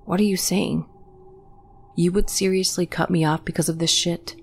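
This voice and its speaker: A woman's voice: low-pitched, animated, moderate pace, a little mellow. Woman doing an exasperated young brother. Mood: angry. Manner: exasperated, pleading. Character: young adult man, exasperated skeptical brother.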